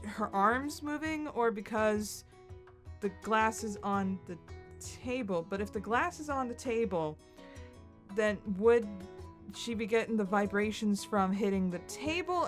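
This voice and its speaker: A woman's voice: medium pitch, unhurried, faint music behind. A young adult woman hosting a casual reaction video, chatty and giggly with rambling asides.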